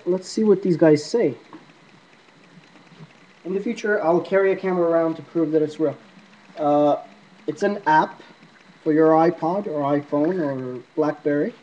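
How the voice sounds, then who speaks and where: A man's voice: fairly high pitch, dark tone. Rambling man on a dull lo-fi recording. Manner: rambling, talks back to unseen spirits. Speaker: paranormal app vlogger. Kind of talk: casual rambling monologue to camera. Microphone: iPod camera mic.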